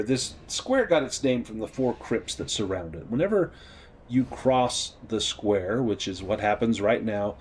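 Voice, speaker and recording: A man narrating as game master of a tabletop game, relaxed and halting. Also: mid-range voice, slight background noise. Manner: relaxed, halting, with fillers and restarts.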